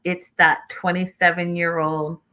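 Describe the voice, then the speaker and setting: A young woman from the United States hosting a casual live-stream recap, reading viewer comments aloud and chatting back to them in an animated way. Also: lowish voice, a little slow. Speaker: host.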